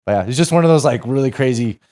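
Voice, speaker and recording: Speaking very fast in an animated, mid-range voice with a darkish tone, a former Marine in his forties guests on a podcast. The St. Louis native rambles through a profane anecdote casually, repeatedly correcting himself.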